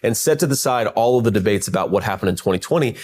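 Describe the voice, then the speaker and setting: A man with a somewhat low voice answers in an interview. He explains confidently and drops casual, chatty asides. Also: animated, fast, a little mellow. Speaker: interview guest. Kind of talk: political interview.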